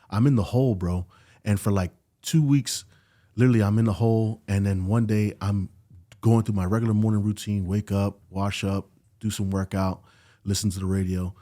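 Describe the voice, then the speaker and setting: A man's voice: lowish voice, dark tone. A middle-aged man, a podcast guest, telling a personal story in casual conversation and acting out the dialogue he quotes. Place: podcast studio.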